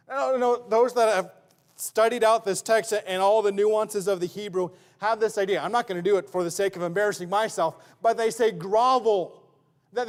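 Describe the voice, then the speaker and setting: A man's voice: sits high, darkish tone. A male pastor preaching a sermon in church, conversational and full of everyday examples.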